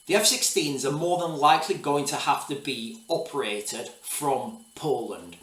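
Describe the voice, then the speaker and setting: A man in a casual commentary vlog. His voice sits a little higher than most men's, and he talks to his viewers in loose, rambling asides, often stopping to restart a thought. He sounds set back from the mic in an echoey room. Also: a little slow, fairly bright tone, far from the mic. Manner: rambling, restarts, repeats "guys, all right". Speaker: video host.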